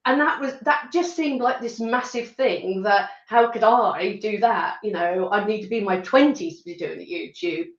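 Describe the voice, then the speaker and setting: A woman's voice: mid-range voice, reverberant, lo-fi sound. Chatty woman with a Suffolk twang. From rural Suffolk, England. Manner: chatty, laughs often, halting restarts. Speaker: guest. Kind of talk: casual interview chat.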